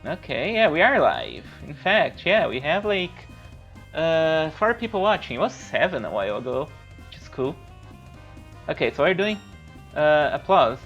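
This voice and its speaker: A man's voice: on the high side, very animated, moderate pace, lo-fi sound, faint music behind. A man streaming a video game, chatting casually, rambling and swearing loosely while he plays. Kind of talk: casual livestream gameplay chat.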